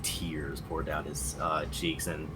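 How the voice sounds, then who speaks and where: A man's voice: rumbling low, flat delivery, slow, background noise. A man playing a tabletop role-playing game, hesitant and full of fillers. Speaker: player.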